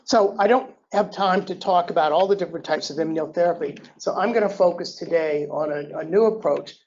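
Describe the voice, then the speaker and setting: An older man giving an invited academic lecture in a relaxed, self-deprecating way, often clearing his throat and restarting sentences. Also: on the high side, brisk. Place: lecture hall. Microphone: handheld or podium mic. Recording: dull lo-fi lecture recording.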